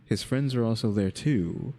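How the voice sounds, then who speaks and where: A man's voice: on the low side, expressive, measured pace, warm tone, big-room sound. A man co-hosting a reaction video in casual chat, rambling and wry, often saying "question mark" aloud. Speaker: reaction channel co-host.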